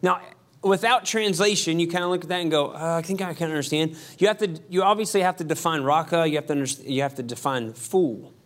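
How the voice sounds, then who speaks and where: A man preaching a sermon as pastor, conversational with quick asides and emphatic repetition. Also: fairly high pitch.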